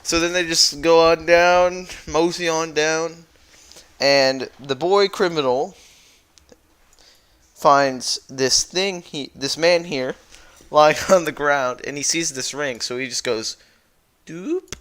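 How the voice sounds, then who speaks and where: A man's voice: a little high, takes it slowly, a bit bright, clean tone. A man who jokingly recaps a story as a YouTuber, rambling and correcting himself as he goes. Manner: rambling, playful, self-correcting.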